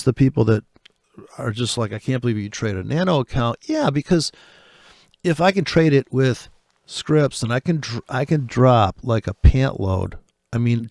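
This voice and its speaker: A man's voice: medium pitch, gravelly, no echo, studio quality. A man giving profane, rambling commentary on forex trading, ranting and laughing as he breaks off his own sentences. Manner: profane, ranting, laughs often, self-interrupting; swings from muttering to loud outbursts.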